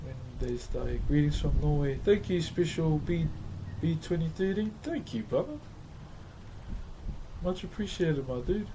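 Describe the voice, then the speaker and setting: A man's voice: fairly high pitch, moderate pace, hardly any pauses, background noise. A man with a New Zealand accent chatting casually on a livestream while woodcarving, laid-back and laughing often as he greets his chat.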